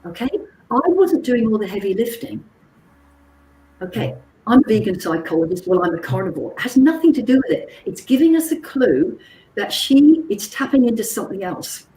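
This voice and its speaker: A woman and psychologist giving an animated workshop talk, checking in with her listeners and acting out conversations. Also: a little high, normal speed, recorded from a distance. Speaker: psychologist and communications trainer. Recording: roomy echo with faint background noise.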